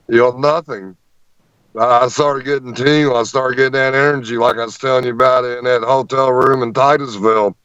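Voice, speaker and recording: A man, a guest on an interview show, telling a long story in an animated way and often repeating words as he goes. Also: medium pitch, fairly quick, no room sound, lo-fi sound.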